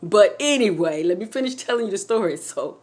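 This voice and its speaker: A woman telling her own near-death story to her viewers in an animated, excitable way, speaking straight to them with faith and feeling. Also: medium pitch, brisk. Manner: testimonial, faith-filled. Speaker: channel host telling a personal story. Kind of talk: emotional personal storytelling.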